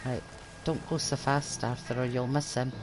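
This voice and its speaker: A woman's voice: rumbling low, steady tone, normal speed, music in the background, rough recording. Chatty older Scottish woman gamer. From Scotland. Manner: chatty, wry, playful. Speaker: gaming YouTuber. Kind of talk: casual gameplay commentary.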